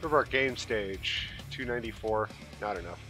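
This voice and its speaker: Casual male host, bright tone, faint metal music underneath. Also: on the low side, moderate pace. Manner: relaxed, talkative. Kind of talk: casual gaming chat. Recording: light background metal music.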